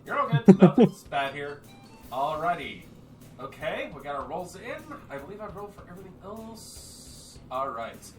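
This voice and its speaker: A man's voice: a little high, very animated, normal speed, darkish tone. A man narrating a tabletop game as game master in a casual, laid-back way, swearing freely. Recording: roomy and distant, music behind.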